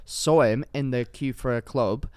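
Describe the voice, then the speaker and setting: A young man from England co-hosting a podcast, telling stories in a casual, animated way and mimicking the people in them. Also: medium pitch, a little slow, smooth, no echo, studio quality. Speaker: podcast co-host. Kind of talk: casual chat.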